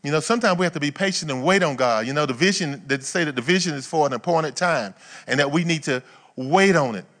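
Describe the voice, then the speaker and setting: Male preacher, slightly high voice, folksy and conversational, lots of rhetorical questions. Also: fast. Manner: folksy, colloquial phrasing; swings between quiet asides and loud emphatic bursts. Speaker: pastor. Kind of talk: sermon.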